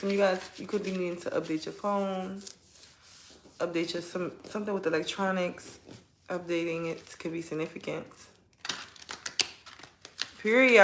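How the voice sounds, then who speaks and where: At home with kids nearby, a woman does a casual tarot reading, speaking directly to her viewers in a chatty, heartfelt manner. Her voice is fairly low and gravelly, and the recording sounds roomy with background noise.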